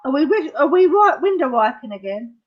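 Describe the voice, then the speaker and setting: A woman's voice: sits high, very animated, fairly quick, muffled recording. A middle-aged woman learning makeup as a guest, giggly and self-deprecating.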